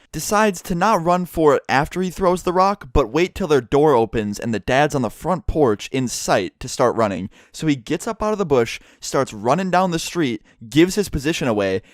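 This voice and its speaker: A young man in a casual storytime vlog, telling a personal story in a fast, profane, animated way. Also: medium pitch, dry recording, clean studio sound. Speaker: vlogger.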